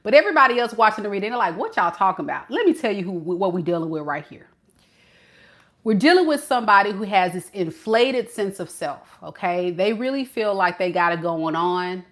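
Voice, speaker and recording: A woman's voice: mid-range voice, expressive, a little fast, a bit bright. A woman giving a casual tarot reading to camera, talking in a sassy, slangy way and laughing often. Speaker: tarot reader.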